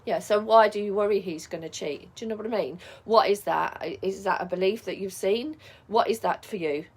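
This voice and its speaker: A woman's voice: medium pitch, brisk, darkish tone, slightly rough. A middle-aged woman coaching viewers in a casual advice vlog, chatty and reassuring, often checking in with "yeah?". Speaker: spiritual life coach.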